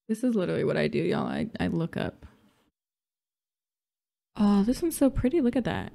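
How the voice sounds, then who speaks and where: A woman's voice: a little high, expressive, measured pace, creaky, background noise. A young woman chatting casually and joking with viewers while playing a farming game. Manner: chatty, self-mocking, jokey asides to viewers. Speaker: let's play gamer. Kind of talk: casual gameplay commentary. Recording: loud background music. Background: music.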